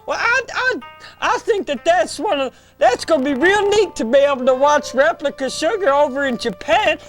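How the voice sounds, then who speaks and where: A man voicing a sweet, chatty Southern belle girl in a gushing falsetto with a Southern US accent. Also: animated, moderate pace, fairly bright tone, faint music behind.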